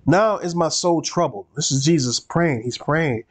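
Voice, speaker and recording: A man's voice: fairly high pitch, moderate pace, breathy edge. Man preaching a Bible study. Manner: repeats phrases for emphasis, preacherly. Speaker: pastor.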